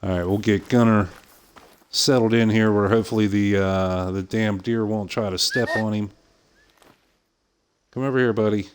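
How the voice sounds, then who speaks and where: A middle-aged man from Pittsburgh with a softened Pittsburgh accent, casually chatting with viewers while streaming a hunting game, full of "uh" fillers and easy laughs. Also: on the low side, flat delivery, normal speed, a little hiss or hum. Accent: softened Pittsburgh American. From southwest Pennsylvania, USA. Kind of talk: casual live-stream commentary.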